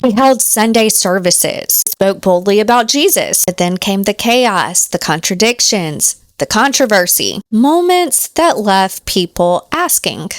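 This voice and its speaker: A woman's voice: mid-range voice, lively intonation, a little slow, hardly any pauses. A woman host giving earnest, reflective commentary on faith and fame. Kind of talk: commentary narration.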